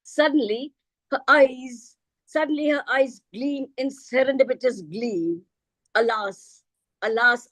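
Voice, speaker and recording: A woman's voice: a little high, dry recording, low-quality recording. A middle-aged woman reciting her own poem expressively over a video call. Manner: expressive, shifts into a child's voice for quoted lines. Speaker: poet. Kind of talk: poetry recital.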